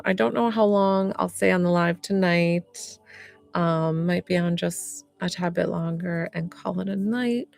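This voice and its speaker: A woman's voice: on the low side, creaky, darkish tone. A young woman from upstate New York, a medium chatting casually on a live stream, rambling and answering viewer comments.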